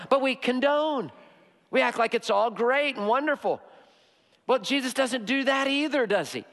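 Male pastor, high voice, emphatic preaching with repeated phrases, big reverberant sanctuary sound. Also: fairly bright tone. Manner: emphatic, repeats key phrases, slows for stress. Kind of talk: sermon. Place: church sanctuary.

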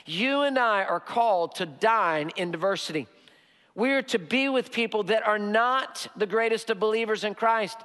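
A high-pitched male pastor delivers an emphatic sermon, repeating his key words and drawing them out for weight. His voice rings with the long reverb of a church hall. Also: a bit bright. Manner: emphatic, repeats key phrases, slows for stress. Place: church sanctuary.

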